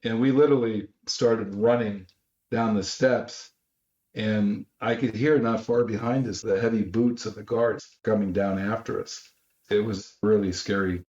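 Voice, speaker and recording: A guest author from Los Angeles recounts a story with energy, raising his voice to perform the quotes. His fairly low, a little mellow voice keeps fairly even intonation at a measured pace, captured in roomy, slightly dull audio.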